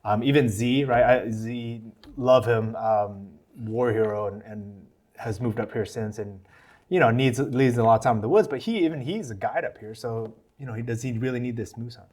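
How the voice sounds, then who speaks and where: A man's voice: medium pitch, normal speed. American guy on a podcast, earnest storytelling, mid voice, acts out what people said. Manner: earnest, animated storytelling with quoted dialogue. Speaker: podcast guest. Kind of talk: casual testimony.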